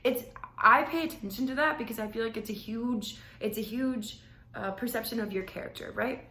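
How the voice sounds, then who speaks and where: Chatty young woman, bright roomy voice. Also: a little high, normal speed. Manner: chatty, rambling, heavy use of "like". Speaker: podcast host. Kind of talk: casual storytelling. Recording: roomy echo.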